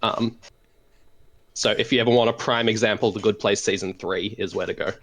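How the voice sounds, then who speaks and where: An Australian man as a guest in a casual chat, relaxed and full of ums and uhs. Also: fairly low pitch, a little fast.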